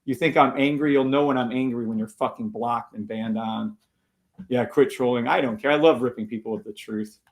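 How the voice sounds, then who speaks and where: A man's voice: mid-range voice, fairly even intonation, fairly quick. A man hosting a live trading stream, taunting and swearing at viewers in a combative way.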